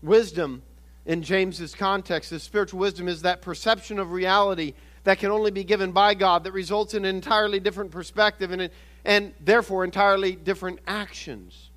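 High-voiced man preaching a sermon. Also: steady tone, a little fast, a bit bright. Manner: earnest, explanatory preaching with self-corrections. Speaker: pastor.

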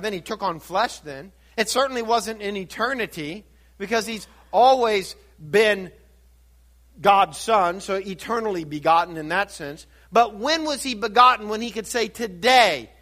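Using a high-pitched, sharp-toned voice, a pastor teaches from scripture in his sermon. He raises rhetorical questions, answers them, and grows increasingly fervent.

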